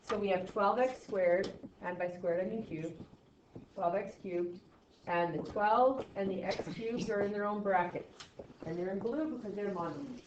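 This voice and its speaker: A woman's voice: mid-range voice, normal speed, background noise. A woman teaching a math class, explaining steps aloud with playful, sarcastic asides to her students. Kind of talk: classroom lecture. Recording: echoey, distant, dull classroom audio.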